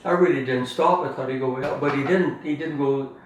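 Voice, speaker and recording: A man's voice: mid-range voice, a little fast, highs cut off. An older man reminisces in a rambling, chuckling way, often tagging his sentences with "eh?". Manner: rambling, chuckling, ends phrases with "eh?". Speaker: family storyteller. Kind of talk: casual reminiscing. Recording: roomy, distant mic, faint room noise.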